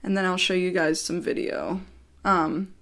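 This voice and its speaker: Blunt, chatty woman with a lowish voice. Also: fairly even intonation, measured pace, fairly bright tone. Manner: chatty and blunt, swears freely, fills with "like". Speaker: YouTuber telling a personal story. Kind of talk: casual storytime vlog.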